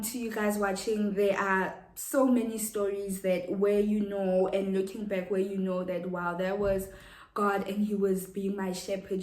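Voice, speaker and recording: A woman from Africa, sharing a casual Christian devotional in an earnest way, repeating words and filling pauses. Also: medium pitch, echoey room. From South Africa. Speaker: Christian vlogger.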